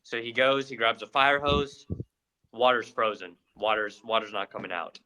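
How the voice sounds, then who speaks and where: Young man, podcast co-host, bright forceful voice, casual animated storytelling. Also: lowish voice, moderate pace, a little hiss or hum, rough recording. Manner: animated retelling with acted-out quotes.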